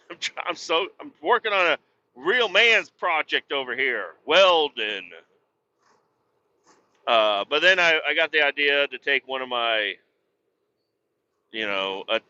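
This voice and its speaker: A man's voice: mid-range voice, pushed and bright, smooth, dull audio. A middle-aged man hosting a podcast, rambling casually, swearing a lot and laughing at himself. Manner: profane, self-deprecating, laughs often. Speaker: podcast host.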